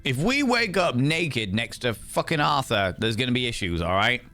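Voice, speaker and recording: A man's voice: mid-range voice, big pitch swings, moderate pace, pushed and bright, soft background music. A man streaming a story game, joking, swearing and riffing on the characters with frequent laughs. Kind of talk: casual let's-play commentary.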